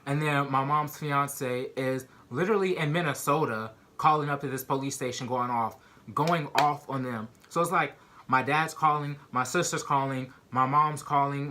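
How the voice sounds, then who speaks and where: A young man telling a personal story to his viewers in a casual, animated way, full of "like" and "y'all". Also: medium pitch, normal speed. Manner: animated, addresses viewers as "y'all", many "like" fillers.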